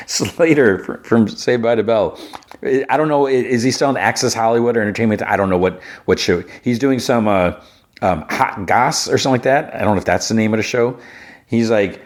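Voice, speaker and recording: A man hosting a podcast, casually retelling a TV episode and jumping up in pitch to act out the characters' lines. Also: a little fast. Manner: animated retelling, acting out characters' lines in a raised voice. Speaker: podcast host. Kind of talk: casual movie and TV recap.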